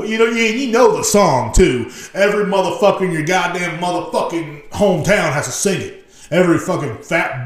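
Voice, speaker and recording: A man with a fairly high voice, ranting on his podcast. He is riled up, swears constantly and rambles from point to point. His voice rings around an echoey room. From Texas, USA. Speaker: podcast host. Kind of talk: profane solo rant.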